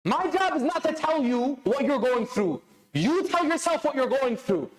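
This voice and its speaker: A man's voice: very high-pitched, big pitch swings, moderate pace. A man giving an interactive sermon at a religious celebration, calling on the audience with repeated questions. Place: large hall of an Islamic center. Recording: echoey hall.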